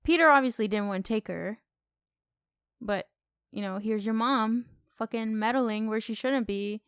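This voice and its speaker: A woman co-hosting a podcast, talking through a film in animated casual chat and swearing freely. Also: on the high side, a little slow, clean tone, dry recording. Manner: animated, swears freely, repeats questions for effect. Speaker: podcast co-host. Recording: dry close recording.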